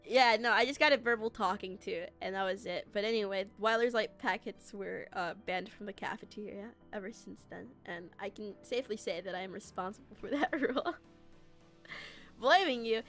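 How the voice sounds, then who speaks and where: A woman streaming as a VTuber, telling a story to her chat in a casual, animated way, laughing and swearing freely. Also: mid-range voice, normal speed, faint music behind.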